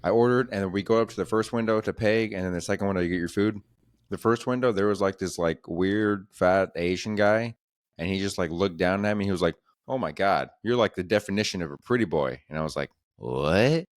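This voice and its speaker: A young man hosting a podcast, chatting casually, swearing and rambling through a story while putting on quick voices for other people. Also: low-pitched, no echo, studio quality. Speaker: podcast host and comedian. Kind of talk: casual chat.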